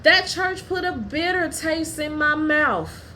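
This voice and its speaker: A woman hosting her own podcast, telling personal stories in a blunt, profane and heated way, at times dropping low and quiet. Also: lively intonation, slow pace, a little hiss or hum. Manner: drops low and quiet when telling family matters. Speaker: podcast host. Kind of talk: candid personal storytelling.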